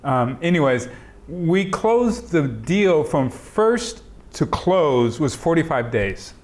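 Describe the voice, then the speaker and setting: A middle-aged man recounts a business story in an oral history interview, fairly high-pitched for a man. He acts out each side of the conversation and breaks into laughter along the way. He is recorded over a video call. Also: slow. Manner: animated storyteller, acts out quoted dialogue, laughs often. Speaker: interviewee, software entrepreneur.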